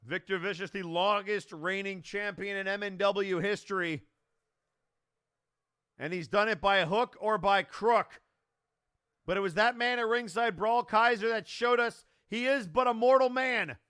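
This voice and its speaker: A man doing play-by-play wrestling commentary, getting worked up and yelling at the referee. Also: sits high, unhurried, clean tone. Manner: excitable, yelling at big moments, complains at the referee.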